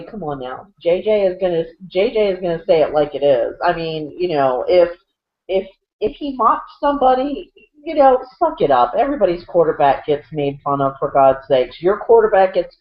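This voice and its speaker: A woman co-hosts a casual sports chat in a fairly low, expressive voice at normal speed. She rambles, full of fillers and restarts, and the audio is dull and lo-fi.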